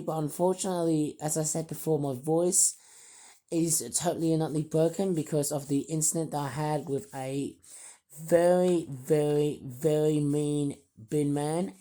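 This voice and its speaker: A man with a sore, hoarse throat, rambling through a casual toy review vlog from a quiet room at home. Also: a little high, a little hiss or hum. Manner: rambling, repeats fillers and restarts.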